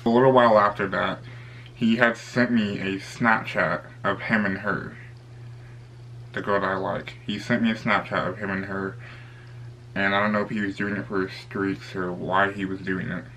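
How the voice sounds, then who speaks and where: A young man with a lowish, gravelly voice rambles through a casual storytime vlog. He keeps retelling back-and-forth conversations in a loose, chatty way, with a faint hum under the recording. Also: level tone, normal speed, bright, forceful tone, poor audio. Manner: rambling, retells dialogue with lots of "I'm like". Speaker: YouTuber.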